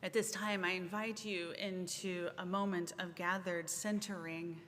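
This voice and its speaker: Slow, measured woman minister in a sanctuary. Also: steady tone, fairly bright tone. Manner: slow, measured, meditative delivery with long pauses. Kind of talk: sermon and guided centering. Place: large church sanctuary. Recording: reverberant sanctuary, faint rumble.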